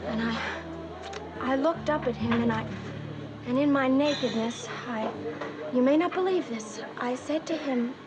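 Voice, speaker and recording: A woman's voice: sits high, measured pace, pauses often, muffled recording, heavy background noise. An actress playing an emotional young woman who tells her story breathlessly and melodramatically, in a 1970s film comedy. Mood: melodramatic. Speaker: film character.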